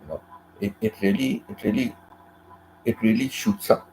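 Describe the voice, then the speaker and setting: Deep, gravelly man in casual talk. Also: animated, normal speed, a little mellow, slight background noise, rough recording. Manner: repeats phrases, often asks "correct?" and says "you know". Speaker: host.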